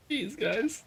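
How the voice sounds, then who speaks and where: A man's voice: very high voice, creaky, slight background noise. An American man hosting a casual gaming stream, rambling and musing with plenty of restarts and fillers. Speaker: host.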